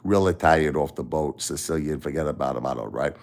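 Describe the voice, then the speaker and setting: A man's voice: very deep voice, a little fast, gravelly, a little mellow. A middle-aged man with a Brooklyn accent hosting a casual livestream, rambling bluntly through stories and swearing freely. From Brooklyn, New York. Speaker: livestream host and musician.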